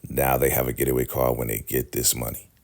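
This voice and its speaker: A man casually recapping a TV episode, retelling scenes in quick paraphrased quotes. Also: very deep voice, level tone, gravelly, darkish tone. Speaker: recap host.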